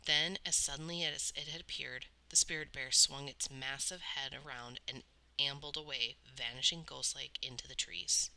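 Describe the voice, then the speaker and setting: A woman's voice: rumbling low, fairly even intonation, moderate pace, sharp tone, rough recording. A woman reading a novel aloud with dramatic storytelling. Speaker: audiobook reader. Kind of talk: read-aloud novel narration.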